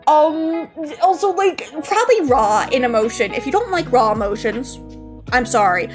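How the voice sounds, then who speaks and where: A young woman with a high voice chats with her live-stream viewers, rambling and teary, laughing nervously between words. She sounds tired and close to tears the whole time. Soft music plays faintly behind her. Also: sing-song, normal speed. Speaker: VTuber streamer. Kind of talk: casual live-stream chat. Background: faint background music.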